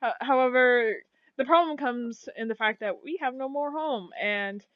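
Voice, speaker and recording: A woman's voice: sits high, no echo, lo-fi sound, lightly acted. Woman voicing a weary half-orc translator. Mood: earnest. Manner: hesitant, halting.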